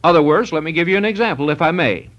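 Male preacher, emphatic and repetitive, slightly higher voice, dull lo-fi tape. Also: quick pace, a bit bright. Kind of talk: sermon. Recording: muffled lo-fi recording.

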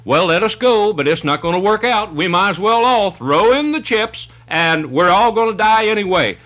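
A male preacher voicing a doubting, resigned male disciple who grumbles fatalistically, in a raised pitch. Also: animated, moderate pace, sharp tone.

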